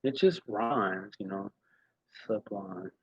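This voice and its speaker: A man thinking aloud while he writes and rehearses rap lines, chanting them over and over and then musing quietly to himself. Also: fairly low pitch, slow, breathy edge, dull audio. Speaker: amateur rapper writing lyrics.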